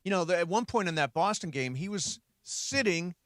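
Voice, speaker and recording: A man's voice: sits high, lively intonation, moderate pace, fairly bright tone, no echo, studio quality. A man hosting a sports radio show, talking casually and laughing often.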